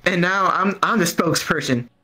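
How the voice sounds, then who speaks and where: High-voiced stammering stand-up comic. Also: male voice, normal speed, bright, forceful tone, rough recording. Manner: rambling, stammering, profane, acts out quotes. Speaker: stand-up comedian. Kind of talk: open mic stand-up storytelling. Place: comedy club stage.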